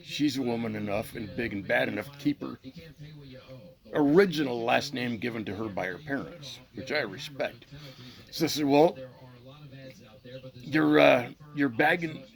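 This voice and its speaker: A man's voice: medium pitch, moderate pace, vocal fry. A middle-aged man hosting his own channel, in a heated, profane, unscripted rant to the camera that repeats itself as he goes. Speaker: channel host.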